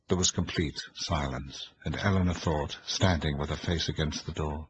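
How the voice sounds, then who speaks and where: A man with a low voice narrates a ghost story at a measured, suspenseful pace. The audiobook recording is dull and lo-fi. A faint hiss sits underneath. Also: steady tone. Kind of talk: audiobook reading.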